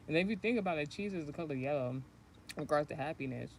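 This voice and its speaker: On her spiritual channel, a woman with a low, darkish, animated voice tells a long story quickly during a casual livestream. She rambles, swears, and laughs often, with a little hiss or hum in the background.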